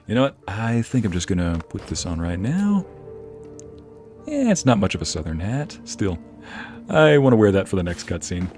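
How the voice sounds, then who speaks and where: A man with a fairly low voice chats casually with his viewers while he plays, musing aloud and reading their messages as they come in. Soft game music runs faintly under his talk. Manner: chatty, muses aloud and reads out chat. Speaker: streamer playing a game. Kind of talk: casual live-stream chat.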